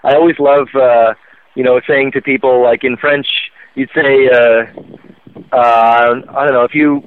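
A man's voice: medium pitch, unhurried. A man from Quebec co-hosting a casual gaming podcast, telling stories in a rambling way with lots of fillers. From Quebec, Canada. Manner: rambling, filler-heavy storytelling. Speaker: podcast co-host. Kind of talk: casual chat. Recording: tinny phone-like line.

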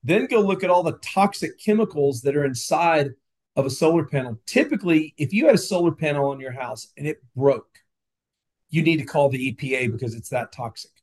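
A man with a slightly high voice speaking as an interview guest, pressing his points with insistent repetition. He sounds passionate and argumentative, piling up examples one after another. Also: animated, fairly quick, a little mellow. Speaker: guest, nuclear industry advocate.

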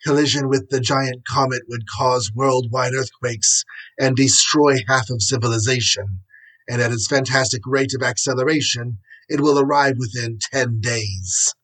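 A man reading aloud voices an earnest male astronomer who delivers grave news in a measured, solemn way, with a husky voice. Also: mid-range voice, fairly bright tone, voice pushed up, natural voice, low-quality recording.

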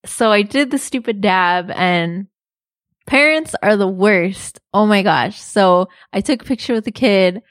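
A woman's voice: mid-range voice, a little slow, dry recording, clean studio sound. A young woman telling a funny story in a casual, chatty way, with lots of "like" and laughter.

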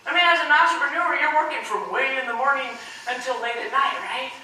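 Woman, motivational speaker, high bright voice, echoey hall from far off. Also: fairly quick, a little hiss or hum. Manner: energetic, animated, asks the audience questions. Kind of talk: keynote speech to a live audience.

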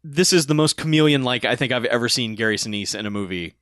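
A man's voice: mid-range voice, fast talker, dry recording, studio quality. Laughing man recapping a movie. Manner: laughing, animated retelling with acted quotes. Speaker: podcast co-host. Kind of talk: casual movie recap chat.

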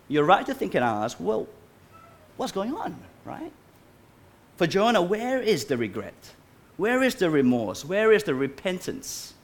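A man preaching a sermon to a congregation, asking them many questions. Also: fairly high pitch. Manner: animated, asks the congregation questions. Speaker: pastor.

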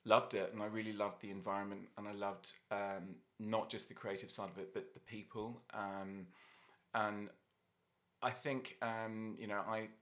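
A man's voice: lowish voice, flat delivery, normal speed, a bit bright. An Irish-born man, a hairdresser and salon owner, chatting as a guest in a podcast studio and telling stories with light laughs. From Ireland. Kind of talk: casual interview chat.

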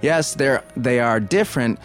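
A man's voice: mid-range voice, a little slow, faint music behind. A man giving casual film commentary, thinking aloud and digressing with many restarts.

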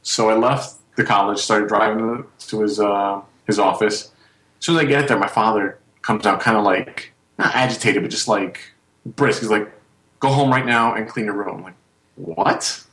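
A man's voice: lowish voice, moderate pace, fairly bright tone, roomy sound, rough recording. A young man in his twenties telling a rambling, casual story with laughing asides. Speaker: guest storyteller.

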